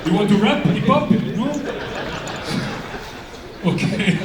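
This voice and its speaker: Man playing a brash French coach, thick French accent, high voice, roomy hall with a crowd. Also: expressive, slow pace, noisy background. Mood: cheeky. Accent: French (put on). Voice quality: heavy put-on French accent, cheeky crowd-teasing. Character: boastful French coach, teasing, adult man. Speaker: comedian in character. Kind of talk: live stand-up character act. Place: large function room at a lunch event. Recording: echoey hall from far off, loud crowd.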